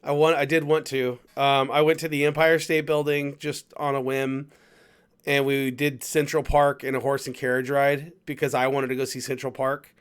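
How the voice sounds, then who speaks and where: A man's voice: mid-range voice, moderate pace, smooth. Rambling man telling a trip story. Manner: rambling, animated storyteller with restarts. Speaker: podcast host. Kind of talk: casual chat, storytelling.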